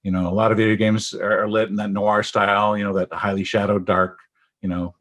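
A man's voice: lowish voice, level tone, brisk, a bit bright. A man chatting casually, stammering and repeating words as he tells stories about working with lighting artists. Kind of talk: casual anecdote chat.

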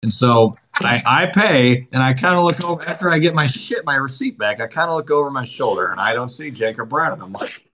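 A man co-hosting a podcast, telling a story in casual chat, swearing often and animated. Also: mid-range voice, a little fast, a little hiss or hum. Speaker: podcast co-host.

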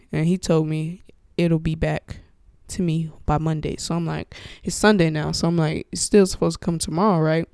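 A woman hosting her own podcast from home, telling a story in a profane, blunt, animated way and acting out what other people said. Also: low voice, vocal fry, dry recording, clean studio sound. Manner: profane, blunt and animated, acts out quoted exchanges. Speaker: podcast host. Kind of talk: casual storytelling chat. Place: at home, with her dog nearby. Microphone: podcast mic, wearing headphones.

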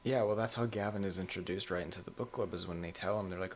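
A man's voice: deep voice, fast, a little hiss or hum. A man co-hosts a casual book club podcast over a podcast mic. He retells scenes with gusto and acts out the characters' lines. He laughs easily as he talks. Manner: lively storyteller, acts out quotes, laughs easily. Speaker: podcast co-host.

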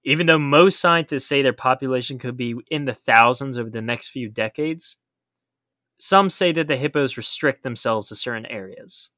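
A man's voice: medium pitch, moderate pace, sharp tone, no echo, studio quality. A man co-hosting a podcast, explaining in a casual chat with emphatic warnings. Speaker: podcast co-host.

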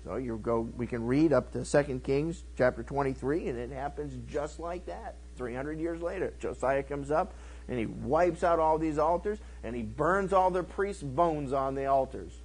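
A middle-aged man pastor teaching verse by verse through a Bible book, animated and acting out the characters in quick voices. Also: on the high side, husky, low-quality recording.

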